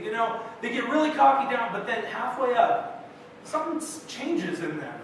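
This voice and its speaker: A man's voice: extremely high pitch, lively intonation, normal speed, a bit bright. A young man preaching a sermon as pastor, telling casual, self-deprecating stories to his congregation in a church. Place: church sanctuary. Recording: echoey church hall from far off with faint noise.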